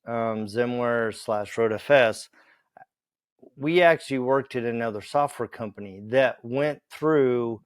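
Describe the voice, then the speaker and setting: A man telling a story as a podcast guest, animated, acting out the dialogue and laughing along the way. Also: medium pitch, unhurried, clean tone, no room sound, clean studio sound. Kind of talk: casual storytelling.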